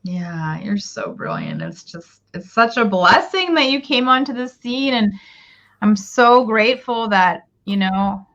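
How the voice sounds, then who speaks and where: Brief: enthusiastic woman host, mid pitch, slightly muffled audio. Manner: warm, affirming, enthusiastic. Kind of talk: casual interview chat.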